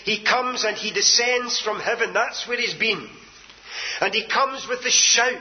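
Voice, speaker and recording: A man preaching a sermon with emphatic delivery, swinging from loud declarations to hushed asides. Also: high voice, unhurried, highs cut off.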